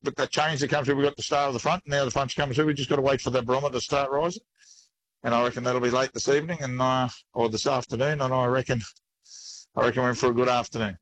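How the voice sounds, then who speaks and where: A man with an Australian accent, a fishing guest chatting casually in a relaxed, folksy way. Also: medium pitch, quick pace, low-quality recording. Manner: relaxed, folksy, keeps saying mate. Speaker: angler guest. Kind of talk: casual interview chat.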